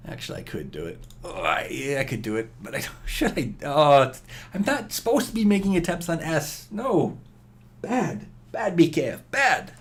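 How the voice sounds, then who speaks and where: A man's voice: on the high side, very animated, a little fast. A man giving casual gameplay commentary, rambling and scolding himself aloud with chuckles.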